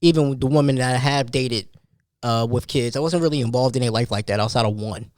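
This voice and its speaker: A man in his thirties hosting a casual solo podcast, telling a story in a rambling, animated way with many restarts. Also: mid-range voice, fast, no room sound, clean studio sound. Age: 30s. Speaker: podcast host.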